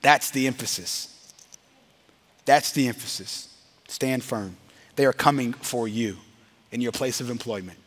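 A man preaching a sermon to a congregation in a chapel, energetic and quick to laugh at himself, stretching out the words of a solemn benediction. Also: medium pitch. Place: chapel or hall with a live audience.

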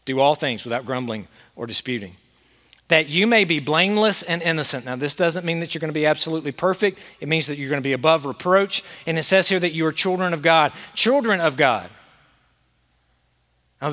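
A pastor delivers an earnest, emphatic sermon, his high and bright voice pressing questions on the congregation. He is recorded in a large church hall, and each phrase trails off into a long reverb. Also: fairly quick. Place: church sanctuary with a masked congregation.

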